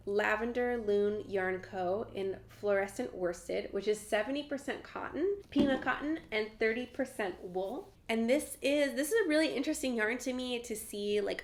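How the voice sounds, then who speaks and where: Young woman host, congested and nasal from a cold, casual and upbeat, with lots of filler "like"s. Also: mid-range voice. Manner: chatty, enthusiastic, many fillers of "like". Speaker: knitting podcast host. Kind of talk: casual pattern round-up talk.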